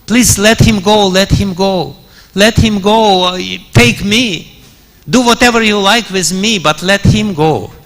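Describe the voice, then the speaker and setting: A man voicing a devoted young princess pleading, his pitch raised a little. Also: unhurried, fairly bright tone, long reverb tail.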